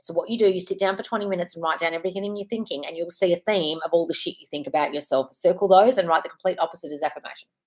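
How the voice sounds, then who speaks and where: Racing along in a lowish voice, a thirtysomething manifestation coach runs a relaxed live Q&A from home. She reassures viewers as she chats through their comments, calling them darling and occasionally cursing.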